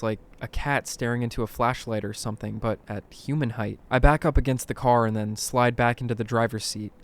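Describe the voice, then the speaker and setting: Man narrating spooky stories dramatically. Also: mid-range voice. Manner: dramatic, hushed at tense moments, bursts of alarm. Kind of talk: scripted horror story narration.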